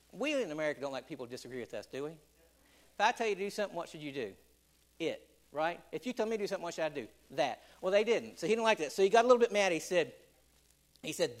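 Male pastor, high voice, animated, conversational sermon delivery, playful asides. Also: quick pace. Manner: animated, conversational, joking with the congregation.

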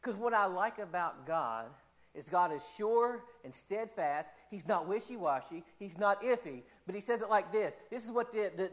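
A man preaching a sermon in an earnest, repetitive way, slowing down for emphasis. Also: high voice, fairly bright tone.

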